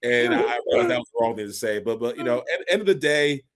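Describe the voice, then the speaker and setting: A man in his forties co-hosting a casual sports podcast, an animated storyteller who acts out quotes as he recalls his playing days. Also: mid-range voice, fast. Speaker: podcast co-host, former NFL fullback.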